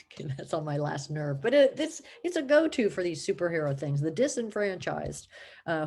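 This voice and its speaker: A woman with a slightly low voice chats casually to the camera. She rambles from one tangent to the next, mocks herself and laughs often, now and then dropping into a joking put-on accent. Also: creaky, a little mellow. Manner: rambling, playful, self-mocking, laughs often; dips into put-on accents for fun. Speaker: vlogger.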